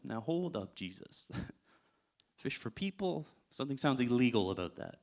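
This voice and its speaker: A man's voice: medium pitch, sing-song, moderate pace. A man giving a sermon as a guest preacher in a church, telling the story in a casual way and chuckling often.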